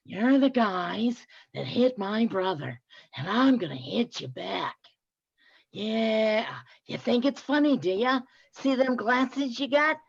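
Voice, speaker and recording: A menacing tough-guy brawler, put on by a woman, taunting in a lively, swooping voice. The pace is slow and deliberate. The audio is dull and muffled. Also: a little high, vocal fry, breathy edge, exaggerated voice. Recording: muffled video-call audio.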